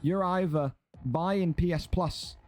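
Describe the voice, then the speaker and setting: A man's voice: sits high, takes it slowly, faint music behind. An exasperated, sarcastic man, ranting and swearing as a streaming league host. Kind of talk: ranting livestream commentary.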